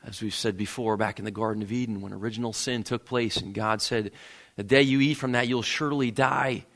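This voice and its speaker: A man's voice: on the low side, fairly even intonation, a little fast, fairly bright tone. A man preaching a sermon in a church, earnest, often repeating words as he builds a point. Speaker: pastor. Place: church sanctuary.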